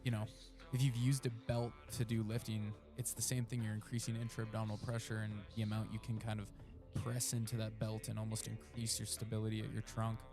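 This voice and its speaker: A male weightlifting commentator walks listeners through technique in a steady, flat, coaching way, with plenty of ums. Music plays clearly in the background of his stream. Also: fairly low pitch, a little fast. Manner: explanatory, coaching tone, many fillers. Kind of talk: live sports commentary.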